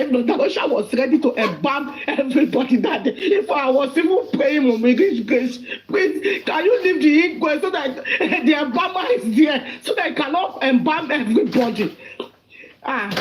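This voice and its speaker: A Nigerian woman with a high voice talks heatedly and with animation as a caller in a live audio chat. She switches between pidgin and English and sounds openly annoyed. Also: a little mellow.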